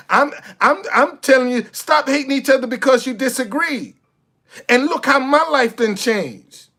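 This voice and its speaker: A man's voice: very high-pitched, animated, normal speed, sharp tone. A man giving an impassioned, sarcastic monologue, stumbling over repeated words as he preaches. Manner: sarcastic, repetitive stammering restarts, preachy. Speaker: street activist vlogger. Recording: faint music behind.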